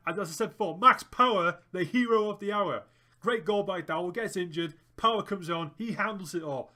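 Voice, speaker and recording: Excitable lad narrating his game. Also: fairly high pitch. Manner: excitable, groans and cheers at the match. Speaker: gaming YouTuber. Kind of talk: let's play commentary.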